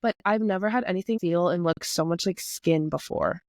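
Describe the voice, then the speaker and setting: A makeup creator in her twenties chats casually, an animated storyteller who rambles and says "like" a lot. Her voice is fairly low and a little fast, captured as a dry, clean studio recording.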